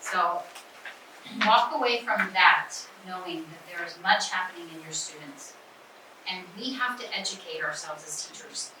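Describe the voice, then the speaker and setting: A woman's voice: on the low side, moderate pace. Woman workshop leader, earnest and emphatic, distant mic in a very echoey, noisy room. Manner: earnest, emphatic, repeats key words. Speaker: teacher trainer. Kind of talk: workshop talk with questions. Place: conference room.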